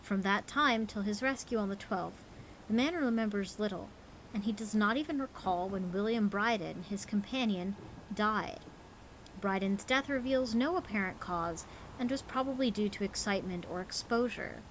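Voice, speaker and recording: A woman's voice: mid-range voice, moderate pace, a little hiss or hum, close to an everyday voice, rough recording. A woman voicing a news reporter, reading out a newspaper clipping in a formal newsreader manner.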